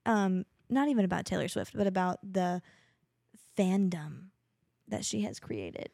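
A woman's voice: on the low side, lively intonation, a little slow, creaky, mellow, no room sound, clean studio sound. A woman co-hosting a casual podcast from home, a mother who rambles with lots of fillers and laughs often. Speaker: podcast co-host. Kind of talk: casual chat. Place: home, children nearby.

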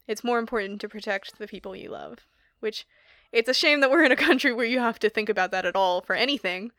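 A woman's voice: fairly high pitch, fast talker, a bit bright, dry recording, studio quality. A young woman chatting casually, rambling with many fillers and frequent laughter. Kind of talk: casual chat.

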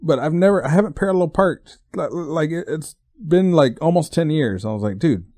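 Mellow-voiced young man, rambling and profane. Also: on the high side, lively intonation, fairly quick, no room sound. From Texas. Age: 20s. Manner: profane, rambling, stumbling restarts. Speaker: podcast host. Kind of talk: casual rambling storytelling.

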